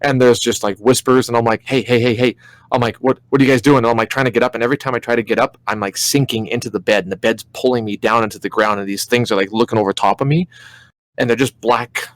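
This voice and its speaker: A man's voice: mid-range voice, steady tone, fast talker, no echo. A man under forty, a podcast co-host, telling his dream stories animatedly, swearing often and acting out his own reactions. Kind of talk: casual podcast chat.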